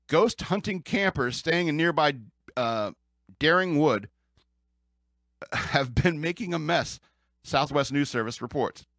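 A man's voice: fairly high pitch, lively intonation, slow pace, pauses often, a bit bright, no echo. American man, casual podcast host, rambling and jokey, dry close sound. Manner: rambling, jokey, laughs often, many restarts. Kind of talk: casual news commentary.

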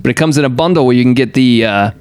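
A man's voice: medium pitch, fast talker, darkish tone, clear, resonant tone, no echo. A young man co-hosting a podcast, chatting casually in a laid-back, rambling way with lots of fillers and the odd swear. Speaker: podcast co-host. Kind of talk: casual chat.

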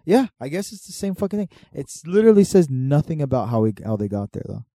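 A man's voice: a little high, big pitch swings, fast, warm tone, no room sound. A young man co-hosting a podcast in casual, laid-back chat, swearing freely and reading aloud from notes. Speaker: podcast co-host.

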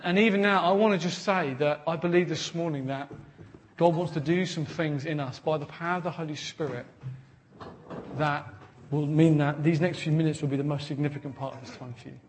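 Guy preaching, fairly high voice, earnest, keeps repeating words as he builds. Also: slight background noise. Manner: animated storytelling with acted quotes. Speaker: pastor. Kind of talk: sermon.

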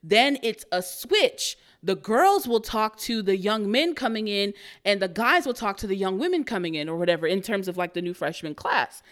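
A woman in her thirties hosting a podcast, telling a story in a blunt, profane way that breaks into loud outrage. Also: medium pitch, expressive, moderate pace, hardly any pauses. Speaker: podcast host. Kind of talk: casual storytelling rant.

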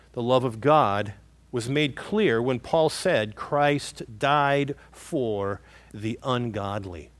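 A man's voice: fairly high pitch, no room sound. A man preaching a sermon as a pastor, stressing key words and calling his listeners folks.

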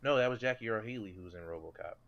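A man's voice: fairly low pitch, racing, a bit bright. A young man co-hosting a podcast in casual chat, easygoing with dry asides. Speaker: podcast co-host. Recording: dull lo-fi sound.

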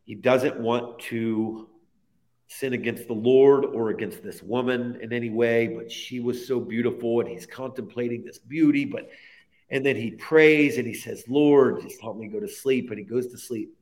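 A man's voice: mid-range voice, moderate pace, a little mellow. Man, interview guest, earnest, heartfelt, personal storytelling, run-on phrasing.

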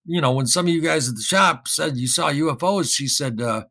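Man with a raspy, gravelly voice, telling a story in a rambling, casual way. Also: fairly high pitch, a little fast. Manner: rambling, repeats words, animated when quoting others. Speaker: guest recounting an experience.

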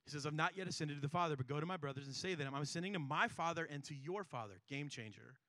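Pastor, male, bright and tense delivery, emphatic and earnest, dry studio sound. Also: fairly high pitch, fast talker, no echo. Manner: earnest, emphatic preaching with rhetorical questions. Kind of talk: sermon.

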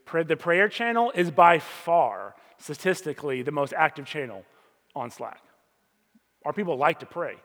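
A man preaching a sermon as pastor, talking conversationally and swinging from loud emphasis to quiet asides. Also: on the high side. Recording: long hall reverb.

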